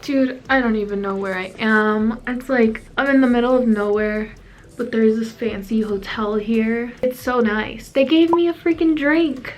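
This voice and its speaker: A young woman telling a travel story to her phone camera from a hotel room, chatty and animated and a little sniffly from crying. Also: on the high side, a little slow, low-quality recording. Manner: chatty, animated, acts out quoted exchanges. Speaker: vlogger. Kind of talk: casual storytime vlog.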